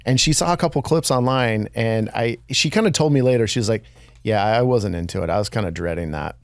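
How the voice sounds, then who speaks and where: A man's voice: fairly low pitch, fairly quick, no room sound. A man hosting a podcast, speaking in a hesitant, casual way with many restarts. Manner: hesitant, restarts and softens his words. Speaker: podcast host.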